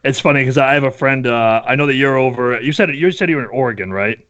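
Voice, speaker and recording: An easygoing man with a light New England accent hosts an interview show. He chats in a relaxed, friendly-casual way at a medium pitch. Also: fast, no room sound, lo-fi sound. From New Hampshire. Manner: easygoing, chatty. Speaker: podcast host. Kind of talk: casual chat.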